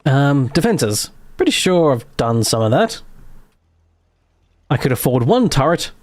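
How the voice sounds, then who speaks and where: A gaming streamer mutters his way through a live game session in casual, loose commentary, almost as if talking to himself. His voice sits at an ordinary middle pitch with big swings, and he speaks a little slowly. The sound is close and dry, with no room around it.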